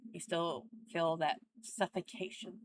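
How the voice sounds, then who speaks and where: A young woman hosting a reaction channel, speaking in a casual, earnest and heartfelt way, often halting as she searches for words. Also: lowish voice, fairly even intonation, slight background noise, low-quality recording.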